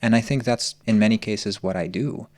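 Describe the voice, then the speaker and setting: A man's voice: on the low side, darkish tone, dry recording. A man telling his personal story as a podcast guest, earnest and searching. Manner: earnest, open, slow and searching.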